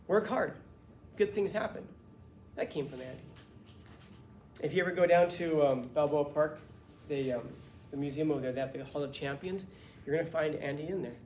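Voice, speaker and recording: Brief: male teacher, casual storyteller, a bit high-voiced, echoey classroom. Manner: casual, lively, swears and jokes. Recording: echoey classroom, faint noise.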